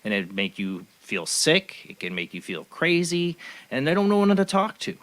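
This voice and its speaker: A man's voice: on the high side, big pitch swings, normal speed, a bit bright. A man hosting a talk show, speaking earnestly in casual chat and rambling through his thoughts with many fillers. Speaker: host.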